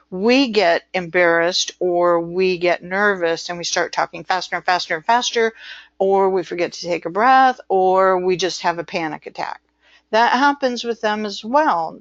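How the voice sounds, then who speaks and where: A woman's voice: fairly low pitch, no room sound. A woman giving an informal, digressive lecture as a medical transcription instructor, chatty and prone to acting out quoted voices. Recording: dull lo-fi dry recording.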